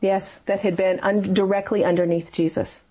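A woman's voice: medium pitch, flat delivery, moderate pace, warm tone. A woman telling a personal faith story in a conversation, earnest and rambling, with many fillers. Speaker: interview guest.

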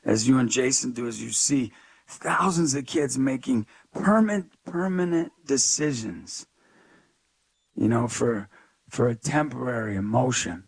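A man's voice: mid-range voice, lively intonation, a little slow, creaky, slightly rough. A man being interviewed as a guest, telling stories with energy and emphasis and acting out the people he quotes. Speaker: guest, youth speaker. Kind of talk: animated storytelling interview.

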